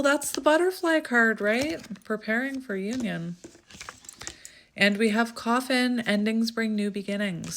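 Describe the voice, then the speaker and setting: A woman doing a casual tarot reading to camera, chatty and thinking aloud as she draws cards, with frequent laughs and bursts of excitement. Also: medium pitch, noisy background. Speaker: tarot reader.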